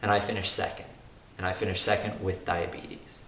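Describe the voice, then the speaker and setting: A man's voice: deep voice, flat delivery, fairly quick, sharp tone. A young man, a race car driver, telling his own story in an earnest, reflective way, often restarting his sentences. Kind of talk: personal testimonial. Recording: roomy room with faint hiss.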